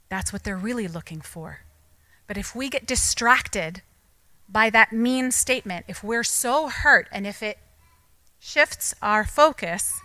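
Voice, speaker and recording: A woman's voice: medium pitch, expressive, unhurried, sharp tone, no room sound, low-quality recording. A woman, giving a talk to parents, often acting out what children say. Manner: code-switching, acts out children's quotes. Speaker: speaker at a church parenting talk.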